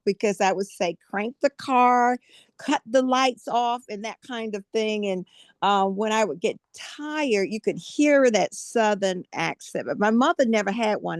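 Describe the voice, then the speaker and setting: Older woman, South Carolina native, co-host. Slow, encouraging and chatty, on a dry close mic. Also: mid-range voice, darkish tone, dry recording. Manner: slow, drawn-out and encouraging, laughs often. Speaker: podcast co-host. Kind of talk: warm casual interview chat.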